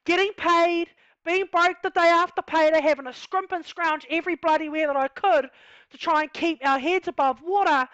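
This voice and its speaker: High-voiced New Zealand woman, candid. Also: steady tone, moderate pace, fairly bright tone, no room sound. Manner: candid, heartfelt, fillers like "you know" and "like". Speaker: vlogger telling her life story. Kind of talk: casual personal storytelling. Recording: dull lo-fi sound.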